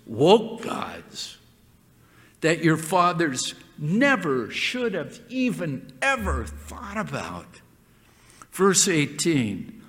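Animated preacher man in a reverberant hall. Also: high-pitched. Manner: animated, stressing words and repeating phrases. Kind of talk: sermon.

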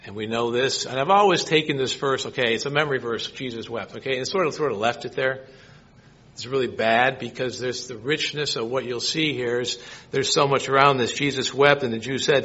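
A man's voice: medium pitch, moderate pace, sharp tone, muffled recording. A man preaching a sermon, reading scripture and asking his listeners rhetorical questions. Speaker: pastor.

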